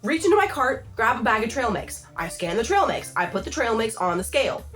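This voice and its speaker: A young adult woman telling a comedic storytime rant in a vlog, exasperated and animated, peppered with "like". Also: fairly high pitch, brisk, faint music behind. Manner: exasperated, animated, heavy use of "like". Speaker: vlogger.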